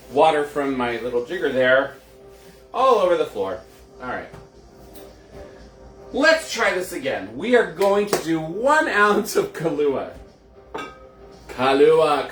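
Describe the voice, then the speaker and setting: A man's voice: on the high side, a bit bright. A man hosting a casual home cocktail show, chatting straight to his viewers. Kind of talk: casual live cocktail demo. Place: indoors at home. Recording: roomy echoey room.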